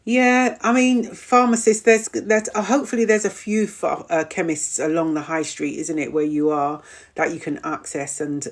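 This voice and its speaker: Chatty woman, lowish voice. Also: steady tone, moderate pace. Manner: chatty, repeats her points, stumbles over words. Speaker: host of a wellness live stream. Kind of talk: casual live-stream chat, reading out viewer comments.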